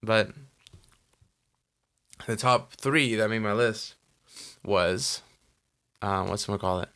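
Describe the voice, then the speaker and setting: This man's voice is fairly low, clear and resonant, with a fairly bright tone and a slow pace. He's co-hosting a podcast in Los Angeles, rambling through casual chat peppered with "like" and "you know."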